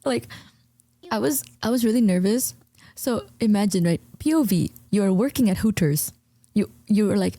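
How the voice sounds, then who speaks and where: A young woman streamer talking quietly at home, telling a story to her chat with animated, stammering imitations of herself. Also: mid-range voice, moderate pace, dry recording. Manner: hushed, quiet, keeps voice down. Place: at home, indoors.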